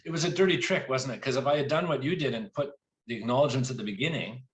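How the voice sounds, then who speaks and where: Man telling lively anecdotes at a library event. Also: medium pitch, fast. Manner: lively anecdotal storytelling with quoted asides. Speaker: author guest. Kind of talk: live author talk at a library.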